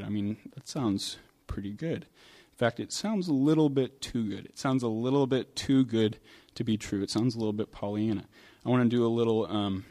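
A man preaching a sermon, from New York, telling stories in a relaxed, conversational way with pauses and restarts. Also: fairly low pitch. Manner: conversational storytelling with hesitations. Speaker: pastor.

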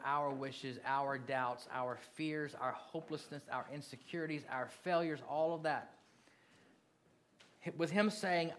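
A middle-aged man preaching a sermon, earnest, dropping to hushed slow lines and then rising into animated bursts. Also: medium pitch. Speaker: pastor.

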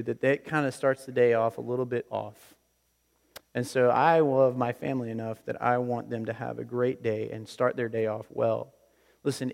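Male pastor, mid-pitched voice, casual repetitive sermon delivery, long church reverb. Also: vocal fry. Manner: conversational, repeats phrases, often starts with "listen". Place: church sanctuary.

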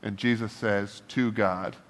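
Animated pastor preaching in a reverberant hall. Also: male voice, on the low side, unhurried. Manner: animated, humorous, acts out prayers to God in a shifting voice. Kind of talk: casual conversational sermon. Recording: long reverb of a large hall.

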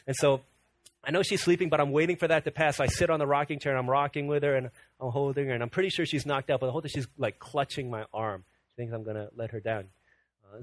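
A man's voice: mid-range voice, no room sound. A young man preaching a sermon, telling a family story and acting out the voices of the people in it, repeating phrases for emphasis. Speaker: pastor.

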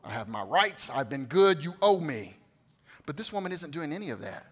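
A man preaching a sermon to his congregation, swinging from loud emphatic peaks to quiet hushed asides and coaxing responses from the room. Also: a little high, sing-song, moderate pace. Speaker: pastor.

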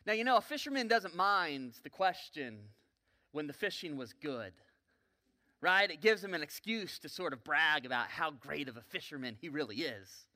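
A man preaching a sermon in a church, telling a story vividly with joking asides and sudden swings between loud and soft. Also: on the high side, lively intonation, normal speed. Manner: folksy, joking asides to the congregation. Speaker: pastor. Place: church sanctuary.

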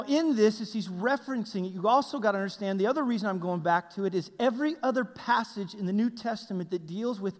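A man pastor giving a conversational sermon, halting often with fillers and restarts. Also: high voice. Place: church sanctuary. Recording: church hall with long reverb.

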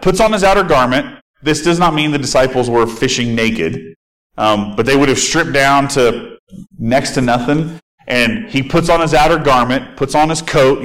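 A man's voice: mid-range voice, fairly bright tone, low-quality recording. A man giving a casual, conversational Bible teaching. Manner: conversational and informal.

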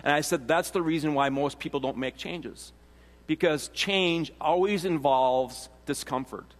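Man, pastor, sermon, high-pitched voice, casual teaching asides, long hall reverb. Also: unhurried. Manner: conversational teaching with frequent restarts and asides.

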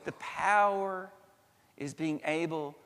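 A man preaches from the pulpit in a slightly high voice, earnest and building with dramatic pauses and swells. His words ring out with the long reverb of a church sanctuary. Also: a bit bright. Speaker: pastor. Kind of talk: sermon.

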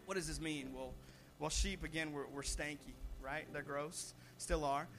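A young man preaching a sermon as pastor, animated, with frequent restarts and repeated words, swelling loud on his points. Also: a little high, moderate pace, over music.

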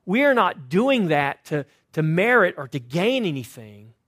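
Man, pastor, sermon, high voice, very expressive pitch, loud-to-hushed storytelling. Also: a little slow, no room sound, studio quality. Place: church sanctuary.

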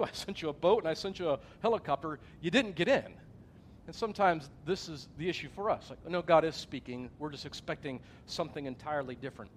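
A man preaching a sermon, swinging from loud emphasis to hushed softness and telling stories with acted quotes. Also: on the high side, slight background noise. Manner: storytelling with acted quotes and a joke. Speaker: pastor.

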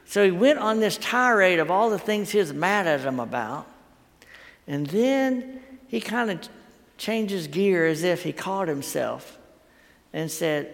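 Lively in intonation but measured in pace, this high, creaky-voiced middle-aged man is a pastor giving a homespun, chatty sermon. He shares stories and repeats himself while working through his thoughts, and the room echoes with long hall reverb.

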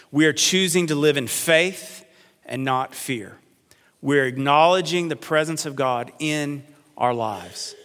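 A pastor delivering a sermon, earnest, slowing down to stretch key phrases. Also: male voice, a little high, fairly bright tone. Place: church sanctuary. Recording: long hall reverb.

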